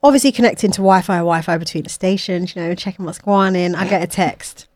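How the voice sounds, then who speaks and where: A woman's voice: fairly low pitch, sing-song, quick pace, few pauses, a little mellow, dry recording, studio quality. A young woman with a London accent, telling a dating story in casual podcast chat, slangy and swearing. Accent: London English. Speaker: podcast co-host.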